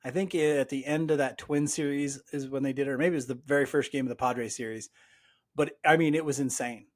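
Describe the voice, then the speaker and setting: A man co-hosting a sports podcast, talking in an animated, exasperated way with plenty of fillers. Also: medium pitch, quick pace. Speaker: podcast co-host. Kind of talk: casual sports chat.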